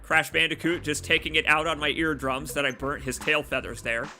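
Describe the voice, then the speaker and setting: A young man streaming a game, rambling and joking with his chat, his voice a little hoarse from long talking. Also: a little high, steady tone, fairly quick, bright, forceful tone, soft background music. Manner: rambling, joking, self-deprecating asides to chat. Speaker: let's play streamer. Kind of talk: casual gameplay commentary.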